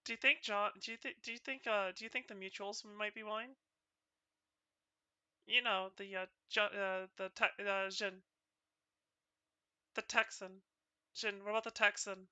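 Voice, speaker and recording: A woman's voice: mid-range voice, fairly even intonation, normal speed, pauses often, sharp tone, clean tone, dry recording. A woman with a North Carolina accent, chatting playfully with friends and viewers during a stream, often stumbling over her words. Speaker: VTuber streamer. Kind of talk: casual stream chat.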